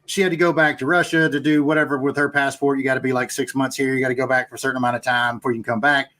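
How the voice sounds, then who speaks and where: A man's voice: mid-range voice, very fast. A man co-hosting a podcast, telling a personal anecdote in a chatty way. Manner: chatty, animated anecdote teller. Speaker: podcast co-host. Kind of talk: casual podcast storytelling.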